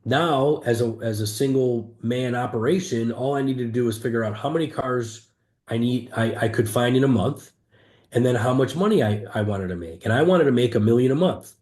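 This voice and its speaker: Man, middle pitch, earnest first-person storytelling, roomy echo on the recording. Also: brisk, a little mellow. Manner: earnest, emphatic, vivid retelling with frequent restarts. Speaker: entrepreneur guest. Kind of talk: candid personal storytelling in an interview.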